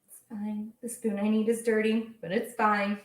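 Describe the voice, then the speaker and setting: A woman's voice: medium pitch, level tone, moderate pace, echoey room, rough recording. A young woman hosting a casual baking livestream from her home kitchen, chatting and answering viewers' comments as she works.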